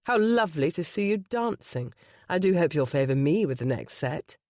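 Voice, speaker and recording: A narrator voicing a smug, condescending older gentleman villain in an audiobook. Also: on the high side, sing-song, moderate pace, dry recording, studio quality. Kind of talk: audiobook character voice.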